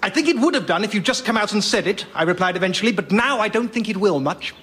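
A man's voice: sits high, lively intonation, fast, very noisy. A man narrating a comic story in the first person with a dry, self-mocking manner.

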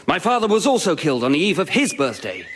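Brief: a blustering upper-class duke, bright high voice with big pitch swings. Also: male voice, wildly swooping pitch, quick pace, breathy edge, heavily acted. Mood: breezy. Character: doomed aristocratic duke, breezy and cheerful. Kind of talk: comedy sketch acting.

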